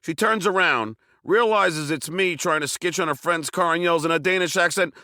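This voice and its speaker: A man from Long Island reading his own memoir aloud, telling it with wry, self-mocking humor and bursts of shouted dialogue. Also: a little high, normal speed, hardly any pauses, no room sound, studio quality. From Long Island, New York. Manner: wry, self-mocking comic storytelling with sudden shouted quotes. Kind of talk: audiobook memoir narration.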